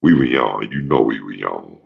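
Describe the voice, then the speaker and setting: Gravelly, very deep man in his fifties. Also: animated, moderate pace. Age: 50s. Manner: rambling, profane, jokey storytelling. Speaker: show host. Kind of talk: casual monologue. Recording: dull lo-fi recording.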